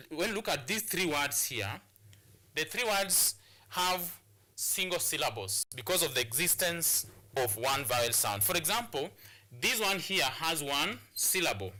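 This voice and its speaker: A man's voice: on the high side, sharp tone. A man with a Kenyan English accent teaching a televised English lesson, explaining syllables step by step with frequent repetition and rhetorical questions. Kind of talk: classroom lesson on stress and syllables.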